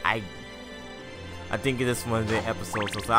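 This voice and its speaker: A man giving casual, animated commentary on his gameplay, joking and trash-talking the enemies. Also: on the low side, moderate pace, music in the background. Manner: animated, trash-talks enemies, jokey asides. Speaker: let's play commentator.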